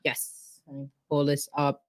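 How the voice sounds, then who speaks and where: A woman's voice: deep voice, completely flat delivery, unhurried. A woman co-hosting a casual political chat show, chiming in with wry remarks and laughing often. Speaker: co-host.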